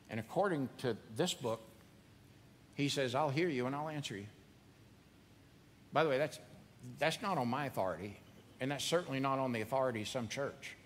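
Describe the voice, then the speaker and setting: A man preaching earnestly, talking to listeners as if in a personal chat and repeating key phrases to press them home. His voice sits at an ordinary pitch for a man. It rings with the long reverb of a hall over a faint hum of noise. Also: lively intonation, a little fast, long pauses. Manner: earnest, conversational preaching with repetition. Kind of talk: sermon.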